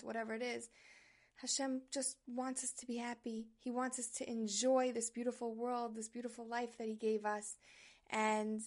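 A woman teaching a religious class, opening with a personal story told in an animated way with frequent restarts. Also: fairly high pitch, moderate pace.

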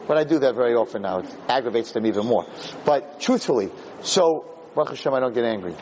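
A man, a rabbi, giving an informal Torah class, animated and rambling as he searches aloud for the right word. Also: medium pitch, fast talker, slight background noise, low-quality recording.

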